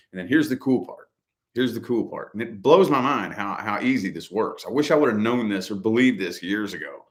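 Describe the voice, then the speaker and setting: A man's voice: fairly low pitch, lively intonation, brisk. A middle-aged man hosting a casual chat, talking loosely and repeating himself, full of dude and man. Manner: loose, repetitive, slangy, says dude and man. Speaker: podcast co-host.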